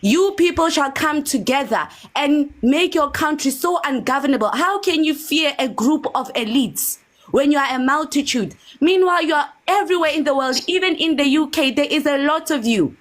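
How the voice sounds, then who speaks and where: Woman, high voice, insistent, interrupts, heated debate. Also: animated, normal speed, fairly bright tone.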